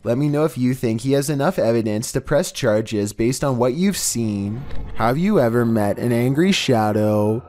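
A man giving scripted narration in a measured, steady storytelling delivery. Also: medium pitch.

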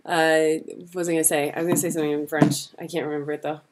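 A woman's voice: deep voice, flat delivery, quick pace, noisy background. A young woman hosting a casual livestream Q&A, chatty and giggly as she answers fan questions. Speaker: livestream host.

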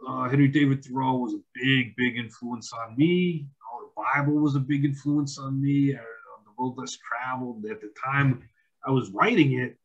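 Husky-voiced man telling a rambling story. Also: medium pitch, fairly even intonation, normal speed, muffled recording. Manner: rambling, repeats words, acts out quoted dialogue. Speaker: wildlife photographer and author. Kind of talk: casual interview storytelling.

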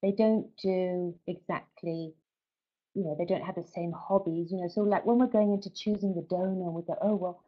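A woman's voice: on the low side, steady tone, normal speed, lo-fi sound. A middle-aged woman speaking at a webinar in a chatty, conversational way, often asking "right?" and "you know". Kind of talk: warm conversational talk.

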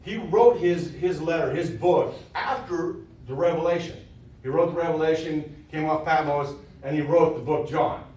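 A man's voice: a little high, normal speed, darkish tone, heavy reverb, distant mic. A man teaching an informal sermon to a live audience, talking conversationally, repeating key phrases and laughing with the listeners. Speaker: preacher teaching a session.

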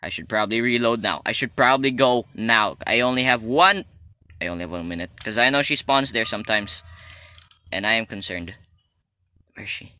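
A man's voice: lowish voice, fairly quick, clear, resonant tone, no room sound. A young man doing let's play commentary, joking and talking to the game character as he plays. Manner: jokey, excitable, talks to the game character. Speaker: gaming YouTuber.

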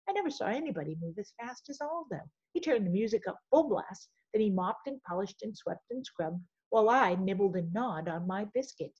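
A woman reading a children's novel aloud in an expressive storytelling manner. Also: mid-range voice, a little fast, hardly any pauses, husky, dull audio. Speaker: audiobook reader.

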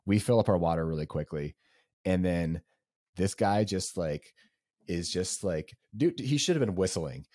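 Low, mellow-voiced casual man. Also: lively intonation, unhurried, no echo. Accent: Southern US. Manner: rambling, many fillers like "like" and "um". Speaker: podcast co-host. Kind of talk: casual race recap storytelling.

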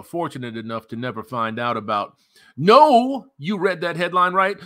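Bright-voiced man ranting sarcastically. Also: fairly high pitch. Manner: mocking, profane, sarcastic. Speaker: commentary channel host. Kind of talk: ranting commentary on a news story.

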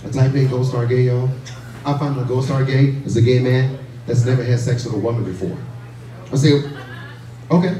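A man in his forties delivers a stand-up set in a brash, loud storytelling manner, now and then breaking into high squeaky voices for his characters. The sound is distant and roomy, with a steady hum behind it. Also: moderate pace, pauses often. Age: 40s. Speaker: stand-up comedian. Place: comedy club stage with audience. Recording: echoey club recording from far off.

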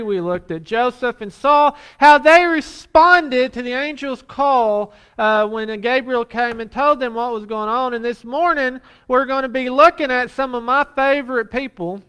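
A man's voice: very high voice, a bit bright, smooth. A man pastor preaching a Sunday sermon with a slight lisp, reading scripture aloud and then leading a prayer. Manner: says he has a lisp; earnest preaching, reads scripture then prays.

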